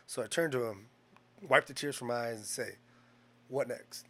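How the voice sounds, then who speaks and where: Profane, animated storytelling man. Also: mid-range voice, normal speed. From Hispanic heritage. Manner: profane, rambling, animated retelling. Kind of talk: casual storytelling chat.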